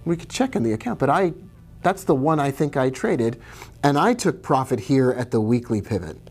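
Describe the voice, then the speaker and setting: A man's voice: mid-range voice, lively intonation, normal speed, a little mellow, breathy edge, soft background music. A man hosting a live trading stream, chatting casually, reading viewer questions and greeting them by name as he walks through charts.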